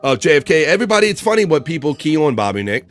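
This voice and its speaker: A man's voice: a little high, very animated, rapid-fire, soft background music. A man hosting a live online show in casual talk, joking as he reads out chat messages and horoscopes. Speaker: host.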